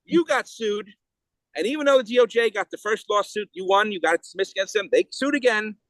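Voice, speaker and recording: A man speaking as a podcast guest in a heated, rapid way, often restarting and repeating words. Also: high voice, fairly bright tone, dry recording. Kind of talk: casual interview talk.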